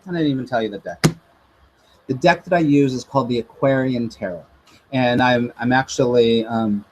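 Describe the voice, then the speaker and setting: A man teaching tarot in a chatty, animated way, often checking in with his listeners. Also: mid-range voice, husky, low-quality recording. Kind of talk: informal teaching talk.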